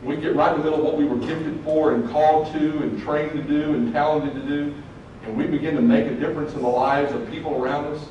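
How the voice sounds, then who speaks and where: A man delivers a motivational talk to students, earnest and folksy, speaking directly to the crowd in a fairly high voice. He is picked up from a distance in a very echoey hall, with faint noise behind him. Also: steady tone, quick pace, darkish tone, highs cut off.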